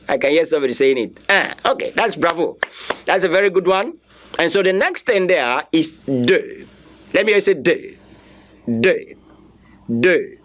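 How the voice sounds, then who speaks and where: A man teaching a beginner French class, repeating words and spelling them out letter by letter. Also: fairly high pitch. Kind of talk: classroom lesson.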